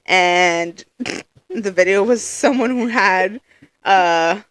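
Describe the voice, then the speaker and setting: A young woman co-hosting a casual podcast chat, loud and animated, acting out quotes as she tells stories. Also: medium pitch, drawn-out words, dry recording. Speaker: podcast co-host.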